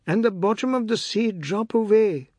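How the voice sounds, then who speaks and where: A man narrator voicing a sulky, furious young boy who shrieks his lines in a high voice. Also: moderate pace, a little mellow, dry recording. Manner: high, shrill and screaming.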